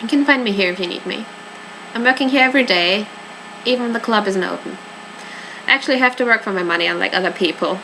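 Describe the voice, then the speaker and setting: A woman voicing a defensive, sharp-tongued young nightclub worker in a game, curt and huffy. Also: mid-range voice, fast talker, gravelly, slight background noise, low-quality recording.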